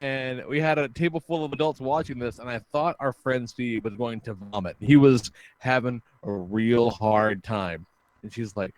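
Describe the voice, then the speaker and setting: A man hosting a podcast, telling a long story in casual chat, animated and full of swearing. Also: medium pitch, normal speed, no room sound. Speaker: podcast host.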